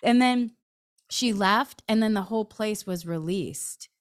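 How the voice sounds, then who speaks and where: A woman podcast host telling a personal story in an animated way, acting out her own lines of dialogue. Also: medium pitch, a little slow, no echo, studio quality.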